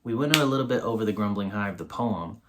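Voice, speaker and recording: A man's voice: fairly low pitch, animated, fast, background noise. A man giving a casual, rambling book review on his video channel, full of fillers.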